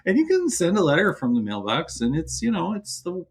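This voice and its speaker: A man's voice: a little high, wildly swooping pitch, fairly quick, vocal fry, husky. A man with a Minnesota accent, a guest on a podcast, chatting casually and rambling with self-deprecating jokes.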